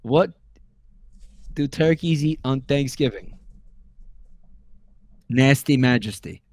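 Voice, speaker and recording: Weary deadpan man reading jokes. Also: medium pitch, slow pace, dry recording. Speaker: stream guest reading jokes. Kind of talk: casual stream chat.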